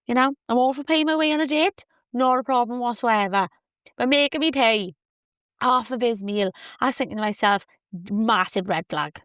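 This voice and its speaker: A woman hosting a solo podcast, telling a dating story in a chatty, animated, self-deprecating way with lots of quoted asides. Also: a little high, a little fast, clean tone, no room sound, clean studio sound. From Wales. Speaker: podcast host.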